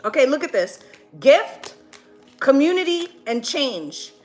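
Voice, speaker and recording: A woman's voice: high voice, big pitch swings, slow, a little mellow, soft background music. A woman giving a casual tarot reading, blunt and profane, who keeps checking in with "right?" and "okay?". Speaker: tarot reader.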